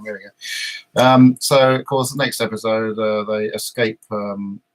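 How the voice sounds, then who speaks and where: A man hosts a casual live podcast, with a mid-range voice. He meanders through the plot, pausing and circling back often. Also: mid-range voice, faint music behind. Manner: meandering episode recap, frequent hesitations. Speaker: podcast host.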